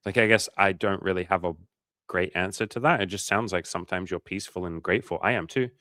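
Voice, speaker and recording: Guy, young, low-pitched and dry-miked; loose, sweary livestream coach chatting to viewers. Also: fast, pushed and bright, no room sound. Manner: casual, swears freely, lots of filler "like". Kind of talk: casual livestream chat reading comments.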